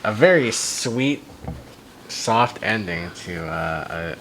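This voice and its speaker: A man reading a silly fan story aloud for a comedy podcast, with deadpan asides on its plot. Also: on the low side, extremely slow, slight background noise, low-quality recording. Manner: amused, reads dialogue in a flat deadpan with asides.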